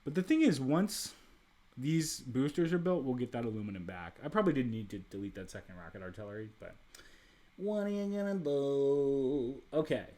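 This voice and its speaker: A man's voice: mid-range voice, lively intonation, fast talker, a little mellow. A man giving casual let's-play commentary while playing a strategy game, thinking aloud with frequent restarts and asides.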